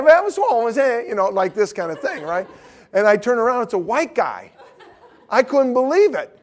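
A man teaching a class on evangelism in a lively way, laughing often and acting out voices. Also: a little high. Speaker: evangelism trainer.

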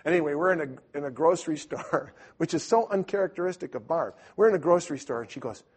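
Husky animated male preacher. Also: fairly high pitch, fast talker. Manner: animated storyteller who acts out voices in his stories. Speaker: preacher or Bible teacher. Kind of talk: storytelling sermon to a live audience.

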